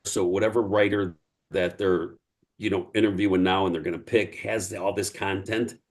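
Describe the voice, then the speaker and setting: A man's voice: low voice, moderate pace. A man with a Chicago accent, a guest in an interview who tells stories and acts out what others said. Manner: animated storyteller who acts out others' words. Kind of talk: casual interview storytelling.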